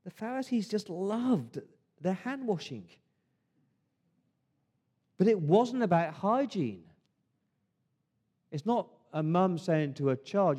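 A man preaching a sermon as pastor, conversational and emphatic, swinging between loud stresses and hushed asides. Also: high voice, animated, slow, pauses often, slightly rough.

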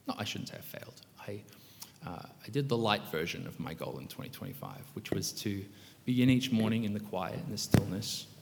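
A man preaching a sermon as pastor, animated and swinging between loud emphatic bursts and quiet reflective stretches. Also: on the low side, creaky, noisy background. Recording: long hall reverb.

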